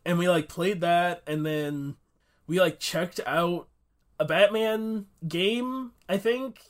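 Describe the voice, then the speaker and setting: A young man co-hosts a podcast, rambling through a casual chat and laughing a lot. His voice is high-pitched, and he takes it slowly.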